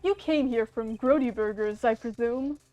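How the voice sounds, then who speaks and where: A woman's voice: fairly high pitch, normal speed, mellow, highs cut off, close to an everyday voice. A woman doing amateur voice acting for a smug, scheming male corporate villain in a video game, speaking in a pompous, grandiose way. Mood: dismissive.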